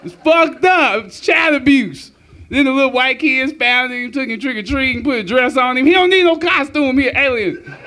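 A man's voice: very high voice, moderate pace, sharp tone, slight background noise. A man doing a crude, profane stand-up comedy set on a club stage, laughing at his own jokes.

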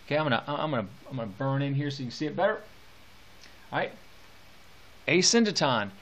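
A man's voice: medium pitch, sing-song, fast talker, a bit bright, dull audio. A male teacher lecturing on poetry with enthusiasm, reading verse aloud with relish.

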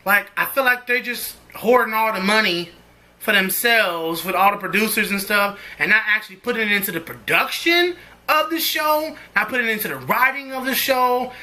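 A man's voice: high voice, moderate pace, sharp tone. A young man giving a casual, rambling spoken review of a TV episode in a slangy, conversational way.

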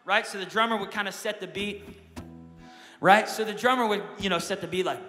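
A young man preaching a lively sermon as pastor, swinging from quiet asides to loud shouts. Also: high-pitched, a little fast, big-room sound, over loud music. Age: young adult.

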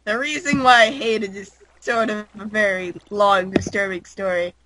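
A woman chatting in a casual game session, giggly and quick with exclamations. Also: medium pitch, fairly even intonation, fairly bright tone, a little hiss or hum, rough recording. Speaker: gaming guest. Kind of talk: casual gaming banter.

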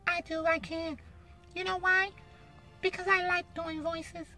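A man's voice: little pitch movement, measured pace, pushed and bright, soft background music, exaggerated voice. A man doing a sweet little cartoon girl. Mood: sweet, chatty. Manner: high girlish squeak. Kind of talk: cartoon voice acting.

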